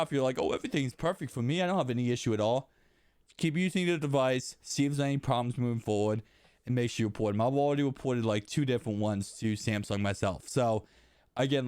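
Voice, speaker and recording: A man's voice: medium pitch, a little mellow, smooth, no room sound, clean studio sound. A man hosting a casual tech vlog while sick, rambling and repeating himself as he goes through an update. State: sick, voice shot. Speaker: tech channel host.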